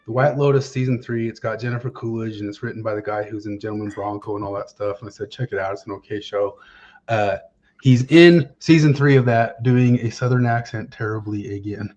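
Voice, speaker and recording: A man hosting a casual podcast chat, rambling and often pausing with fillers while searching for names. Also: lowish voice, a little mellow. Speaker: podcast host. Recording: dull lo-fi sound.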